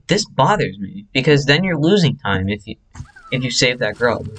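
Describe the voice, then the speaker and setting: A man with a middle-pitched voice talks through his own speedrun replay in a relaxed, chatty way. He explains each choice as it comes and often corrects himself mid-sentence. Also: moderate pace, breathy edge, low-quality recording. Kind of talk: casual game commentary over replay footage.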